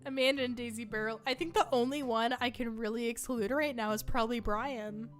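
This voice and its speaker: A woman's voice: on the high side, steady tone, a little fast, soft background music. A young woman streaming a video game, reading it aloud with a playful, giggly, self-mocking manner.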